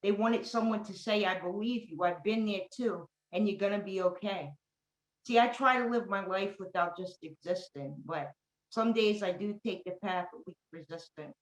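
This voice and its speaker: A woman's voice: medium pitch, moderate pace. Woman, New York accent, heartfelt rhythmic slam poetry, echoey room. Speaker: poet in recovery. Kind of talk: spoken word poetry reading. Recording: roomy echo.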